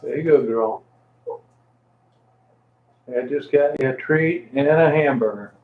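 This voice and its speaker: A man's voice: medium pitch, slow pace. Man cooing to his dog, tinny and echoey. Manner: coos over and over in fond pet talk. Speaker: vlogger talking to his dog. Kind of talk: casual live-stream chat. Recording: tinny phone-like audio in an echoey room.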